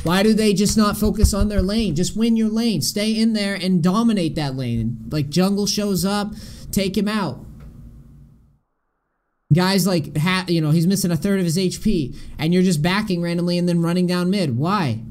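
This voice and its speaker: A man's voice: high-pitched, a little mellow. A young man coaching a player over a live stream, blunt and exasperated, swearing often. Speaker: game coach.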